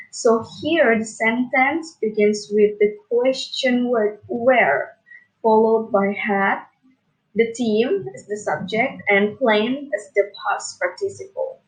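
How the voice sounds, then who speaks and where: A young woman student, from Indonesia, giving a recorded class presentation, explaining slowly and carefully and often repeating words. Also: a little high, poor audio.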